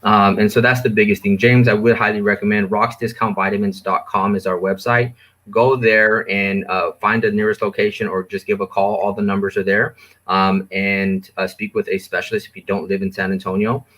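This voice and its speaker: A man's voice: on the low side, moderate pace. A man appearing as a guest specialist, giving casual coaching-style advice with lots of ums and restarts. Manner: relaxed, filler-heavy, coaching. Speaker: supplement store specialist guest.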